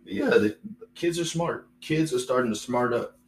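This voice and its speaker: A man's voice: medium pitch, lively intonation, normal speed, low-quality recording. A young man hosting a solo podcast, rambling and repeating himself with lots of fillers. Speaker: podcast host.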